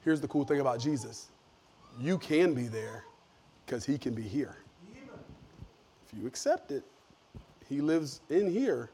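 A middle-aged man, a pastor preaching a sermon, telling stories in a folksy way with lively swings in loudness. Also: medium pitch, a little slow, long pauses, slight background noise.

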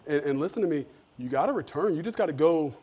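Middle-aged pastor, male, slightly raised voice, folksy sermon storyteller who swings between quiet and loud. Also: a little high, expressive, quick pace, husky.

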